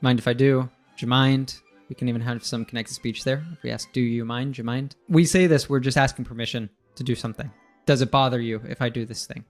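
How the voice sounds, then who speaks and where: A man's voice: mid-range voice, fairly even intonation, quick pace, few pauses, soft background music. A man teaching English, explaining pronunciation in a casual chat and laughing easily. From United States.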